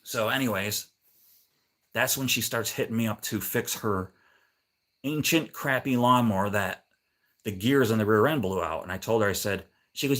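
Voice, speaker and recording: A man's voice: fairly low pitch, normal speed, fairly bright tone. A middle-aged man hosting a livestream, telling a rambling, annoyed story in casual chat and acting out both sides of the conversation. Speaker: livestream host.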